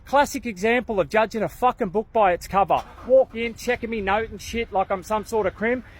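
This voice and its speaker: A man's voice: high-pitched, brisk. A young man telling a story in a blunt, slangy way, swearing freely. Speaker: vlogger. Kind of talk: casual storytelling rant.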